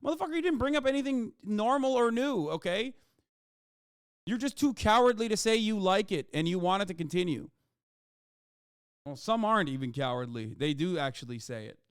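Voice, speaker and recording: A man's voice: high-pitched, animated, normal speed, clean tone, no room sound, studio quality. A man streaming live commentary, ranting heatedly and swearing often. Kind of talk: livestream commentary.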